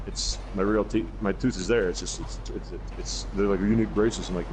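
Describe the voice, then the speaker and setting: A middle-aged man chats casually while gaming, rambling through a story and swearing freely. His voice sits low. A faint hiss runs under the recording. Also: steady tone, fast, few pauses. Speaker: podcast co-host.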